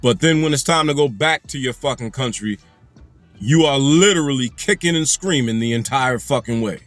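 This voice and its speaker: A man's voice: medium pitch, normal speed, fairly bright tone, soft background music. A man delivering an angry, profane commentary rant, hammering his points with repetition. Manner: angry, emphatic, heavy profanity, repeats phrases for emphasis. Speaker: commentary channel host.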